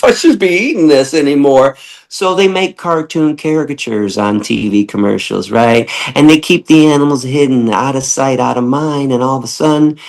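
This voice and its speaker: Gravelly, passionate man swearing freely. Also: normal speed, hardly any pauses. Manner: acts out quoted people with big jumps in pitch. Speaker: podcast guest, animal rights activist. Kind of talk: casual interview talk.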